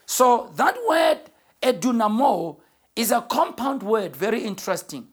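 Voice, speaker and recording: A woman pastor preaching a sermon in an earnest, emphatic way, slowing down to stress key phrases. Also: a little high, lively intonation.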